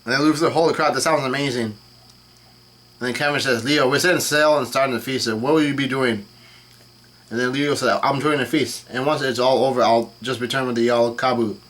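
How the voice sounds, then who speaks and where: A man casually reading a comic chapter aloud and commenting on it, with the dialogue in a flat voice and frequent fillers and self-corrections. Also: mid-range voice, quick pace. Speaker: channel host reacting to a comic chapter.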